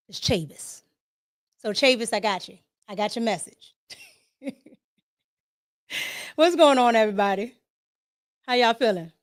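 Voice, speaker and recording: A woman's voice: a little high, a bit bright. A woman with a Washington D.C. accent hosting a live podcast, chatting casually, greeting viewers by name and laughing often. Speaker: podcast host. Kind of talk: casual livestream chat.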